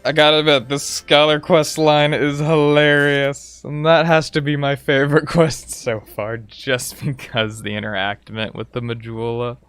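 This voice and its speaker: A man's voice: on the high side, little pitch movement, measured pace, hardly any pauses, fairly bright tone, clear, resonant tone, soft background music. A man giving casual, playful gameplay commentary as a streamer, reacting with laughter. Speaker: gaming streamer.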